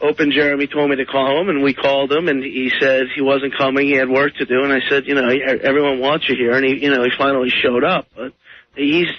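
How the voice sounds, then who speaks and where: A man's voice: medium pitch, level tone, fast. A man who works at the station giving a sincere, serious account on air. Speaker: station staffer. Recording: dry lo-fi radio broadcast.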